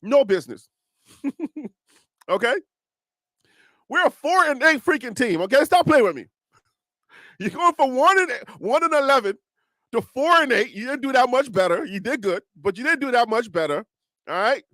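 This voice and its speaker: A man with a Liberian accent hosting a casual sports talk livestream, animated, laughing often and speaking straight to his viewers. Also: very high voice, normal speed, pauses often, no echo. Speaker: host.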